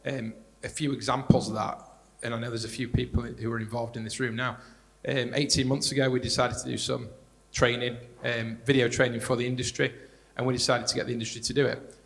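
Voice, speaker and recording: A man speaking as a panelist in a live discussion, talking quickly and conversationally and repeating words as he restarts. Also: mid-range voice, little pitch movement, creaky, fairly bright tone. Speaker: panelist, director of strategic partnerships. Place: large hall at a live panel event. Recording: reverberant hall.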